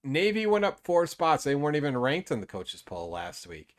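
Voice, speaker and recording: A man's voice: a little high, huge pitch swings, normal speed. A man co-hosting a casual sports podcast, rambling and hesitant with lots of fillers. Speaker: podcast co-host.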